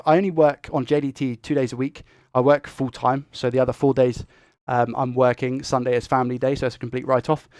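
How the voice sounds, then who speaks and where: A young man who talks fast and excitably while hosting a tech live stream and reading viewer comments. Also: medium pitch, no room sound, clean studio sound. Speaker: tech livestream host.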